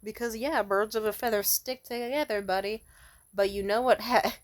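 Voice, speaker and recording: A woman's voice: mid-range voice, steady tone, normal speed. A young woman vlogger telling a story in a rambling, casual way, full of fillers and restarts, laughing often and swearing bluntly.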